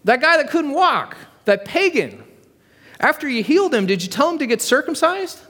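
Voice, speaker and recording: A preacher doing a nitpicking heckler, thin and high, pressing his point with insistent, needling questions. His voice rings out with a long hall reverb. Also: big pitch swings, normal speed, bright, forceful tone, exaggerated voice. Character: nitpicking man heckling from the back.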